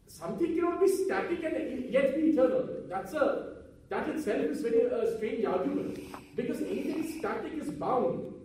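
A high-voiced man gives an earnest spiritual lecture, posing one rhetorical question after another. His tone is mellow and soft-edged. He is heard from a distance in a large hall, with heavy echo around every word. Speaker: speaker on Vedanta. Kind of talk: public talk to an audience. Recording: echoey hall, mic from far off.

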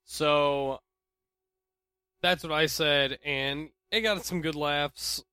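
A young man casually rambling through an anecdote, restarting sentences and swinging between loud bursts and near mumbles. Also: a little high, steady tone, extremely slow, clean tone, no echo, studio quality. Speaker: storyteller.

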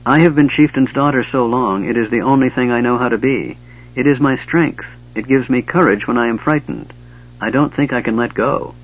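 A man voicing a proud tribal chieftain's daughter who speaks softly, earnestly and formally, in a dull lo-fi recording. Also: medium pitch, moderate pace, lightly acted. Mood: tender. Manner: soft, earnest, formal speech.

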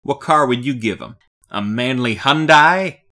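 A man co-hosts a casual podcast about a film, lively and wry, trading deadpan jokes. His mid-range voice moves at an unhurried pace.

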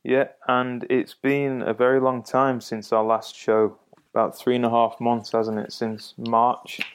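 A relaxed man co-hosts a music show in laid-back chat. He trades jokes with a dry edge. His voice sits at a mid pitch for a man. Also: unhurried. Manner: easygoing, joking banter with a dry edge. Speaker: co-host of a music podcast. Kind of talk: casual chat.

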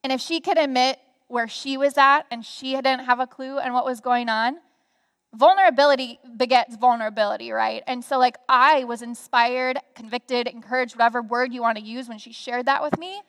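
Animated high-voiced woman in a hall. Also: moderate pace. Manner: animated storytelling with many fillers. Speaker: guest speaker. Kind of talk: conversational sharing on a church stage. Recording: reverberant hall sound.

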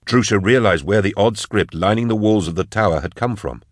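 A man giving steady, measured scripted narration of an audiobook. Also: lowish voice, no echo, studio quality.

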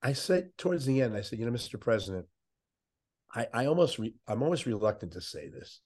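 A man's voice: mid-range voice, fairly quick, slightly rough. Storytelling man from Miami Beach. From Miami Beach, USA. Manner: animated anecdotes with quoted voices. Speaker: veteran sports interviewer, guest. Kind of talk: casual podcast storytelling.

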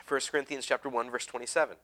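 This pastor's sermon is loose and chatty, full of fillers and restarted sentences as he tells a story. He speaks rapid-fire at medium pitch with fairly even intonation, his voice bright and forward. His humor is easy and self-deprecating.

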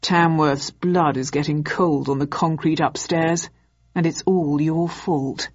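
A woman voicing a genial, menacing male villain who speaks slowly and persuasively. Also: fairly even intonation, darkish tone, no room sound, dull audio. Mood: smug. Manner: slow, low and persuasive.

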